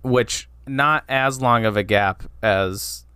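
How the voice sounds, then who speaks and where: A man co-hosting a podcast in casual chat, halting and restarting his sentences often. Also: mid-range voice, pushed and bright, clear, resonant tone, dry recording. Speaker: podcast co-host.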